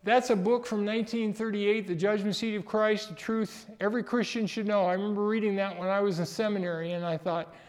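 A man's voice: high voice, steady tone, fairly quick, hardly any pauses. A middle-aged man preaching a sermon as a pastor, emphatic and rising in force on key points, with a chuckle here and there. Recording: long hall reverb.

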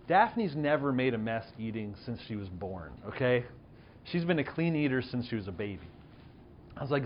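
A man's voice: mid-range voice, sing-song, normal speed, muffled recording. A man in his thirties who pastors a church, telling a personal story in a conversational, self-deprecating sermon and asking the audience questions.

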